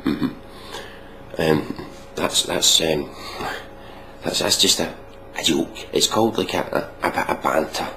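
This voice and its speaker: Deep gravelly man, sarcastic rant. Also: slow pace, sharp tone, slight background noise, rough recording. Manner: mocking, ranting, swears often. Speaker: video reaction commentator. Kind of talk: sarcastic reaction commentary.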